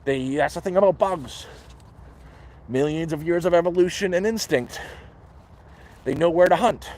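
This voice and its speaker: A man's voice: fairly high pitch, normal speed, a little mellow. A man hosting a casual live stream outdoors in the woods, giving frank, profane advice, talking into a phone as he walks around his camp. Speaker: livestream host living outdoors.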